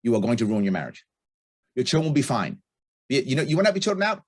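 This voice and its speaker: A man's voice: medium pitch, sing-song, rapid-fire, pauses often, breathy edge. A middle-aged man speaking as a guest in a casual podcast interview, blunt and emphatic, repeating his key points. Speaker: podcast guest, libertarian candidate.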